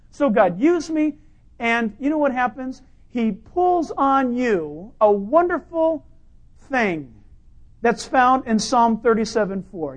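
A male pastor preaching a sermon in a conversational, humorous way, full of rhetorical questions and swinging between loud and quiet. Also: very high-pitched.

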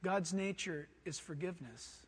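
High-voiced preacher man in a reverberant hall. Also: moderate pace, slightly rough. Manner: dramatic, acts out quoted voices, swings from hushed to shouting. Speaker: pastor. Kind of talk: sermon.

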